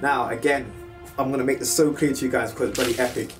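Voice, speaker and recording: British male vlogger with an easygoing storytelling style and a mid-pitched voice, recorded a bit away from the mic over faint music. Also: quick pace, distant mic. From United Kingdom. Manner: chatty and animated, slips into loud film impressions. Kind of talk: casual storytelling.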